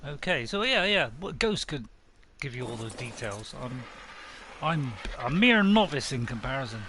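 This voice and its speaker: A man's voice: medium pitch, big pitch swings, normal speed, bright, forceful tone, a little hiss or hum. A man streaming a game, chatting casually to himself and reading viewers' messages aloud. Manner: chatty, talks to himself and reads chat aloud. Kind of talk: casual live game commentary.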